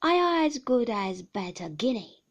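A woman's voice: a little high, sing-song, unhurried, heavily acted. A woman putting on an eager coaxing nursemaid. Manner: coaxing, enthusiastic. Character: warm, eager middle-aged nursemaid.

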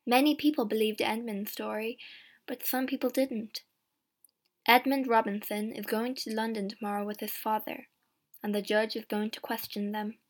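A woman voicing a gentle, quiet male churchman in an audiobook story. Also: fairly high pitch, little pitch movement, moderate pace, natural voice. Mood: earnest. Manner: soft and quiet.

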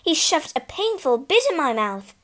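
A woman's voice: high voice, sing-song, moderate pace, fairly bright tone, voice pushed up. Woman voicing Ginger, a bitter mare. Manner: sullen, bitter storytelling. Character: bitter, hurt young mare. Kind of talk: storybook reading.

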